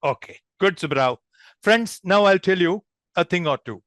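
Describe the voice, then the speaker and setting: Guy coaching public speaking online, high voice, swings all over, dry sound. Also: moderate pace, no echo. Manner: animated, demonstrative, addresses group as friends. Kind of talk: interactive online workshop.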